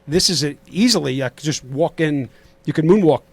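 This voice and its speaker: A man's voice: on the high side, lively intonation, normal speed, no echo. A middle-aged man from Queens with a New York accent, hosting a casual podcast interview and rambling with lots of fillers and restarts. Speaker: podcast host.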